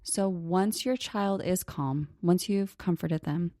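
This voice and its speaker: A woman therapist co-hosting a parenting podcast, calmly explaining a method and softly acting out gentle example phrases. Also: lowish voice, slow pace, dry recording, clean studio sound. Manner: calm, explanatory, slips into soft hushed example phrases. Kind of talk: casual teaching on a parenting podcast.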